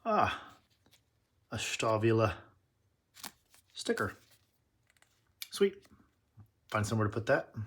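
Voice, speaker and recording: A man's voice: lowish voice, very animated, takes it slowly, pauses often, a bit bright, slight background noise. A man hosting his tool channel, chatting casually and nerdily through an unboxing and correcting himself as he goes. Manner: chatty, nerdy, self-correcting.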